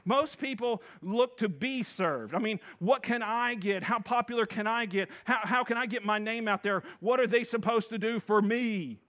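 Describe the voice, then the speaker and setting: A male minister delivers a sermon in a church sanctuary. His voice sits high for a man, and he preaches with eager energy, calling out to the congregation for responses. He often repeats himself and restarts his phrases as he goes. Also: normal speed, few pauses, pushed and bright.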